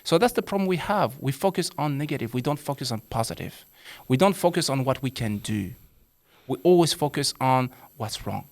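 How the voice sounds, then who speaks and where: A man with a gravelly, creaky voice at a middling pitch speaks as a psychologist guest. He explains earnestly, often pausing to ask himself "why?" before he answers. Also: lively intonation. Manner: earnest, explains with rhetorical questions. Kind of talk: casual conversation.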